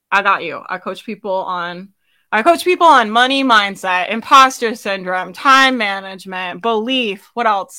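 A woman in her thirties coaching a live online group, chatty and quick to laugh, tired and losing her voice. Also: medium pitch, bright, forceful tone. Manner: chatty, laughs often, many fillers. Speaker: business coach hosting a live session. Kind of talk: casual live-stream coaching.

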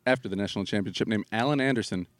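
A man in casual conversation, telling jokey stories in an animated way. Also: on the low side, very fast, no echo. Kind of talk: casual chat.

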